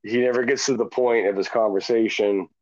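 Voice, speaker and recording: A man's voice: lowish voice, steady tone, a little fast, darkish tone, a little hiss or hum. A man co-hosting a podcast, telling stories in casual, profane chat with frequent laughter. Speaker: podcast co-host. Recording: dull lo-fi dry sound.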